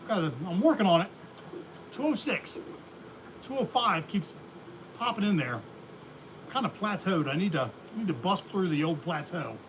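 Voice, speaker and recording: A man with a high voice chats casually on a livestream. He rambles in a folksy way and laughs often. A faint hum sits behind him. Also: animated, moderate pace, long pauses. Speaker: beekeeping channel host.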